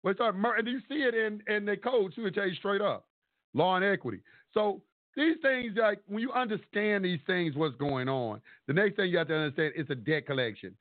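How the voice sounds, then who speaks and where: A man's voice: sits high, a little fast, no echo. A man calling in to a talk show, ranting in a profane, rambling, emphatic way over a phone line. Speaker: caller. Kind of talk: casual call-in rant. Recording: tinny phone line, dry.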